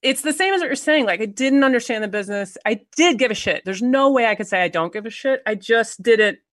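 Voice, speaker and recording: Bright-voiced woman telling a story. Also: on the high side, fairly quick, no echo, clean studio sound. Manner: animated storyteller, acts out quotes, laughs often. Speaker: actress guest. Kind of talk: casual anecdote telling.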